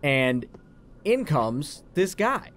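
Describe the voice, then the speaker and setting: A man co-hosting a let's play with a slightly high-pitched voice, chatting casually while he plays. He tells stories in a rambling, anecdotal way. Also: very animated, extremely slow, a bit bright. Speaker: co-host of a let's play channel. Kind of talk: casual gaming chat, storytelling.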